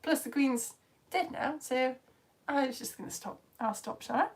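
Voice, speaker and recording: A woman's voice: high-pitched, normal speed, darkish tone. A woman teaching children's science lessons, chatting on a live stream into her phone as she reads out viewers' comments and calls out their names. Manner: bubbly, chatty, exclaiming names.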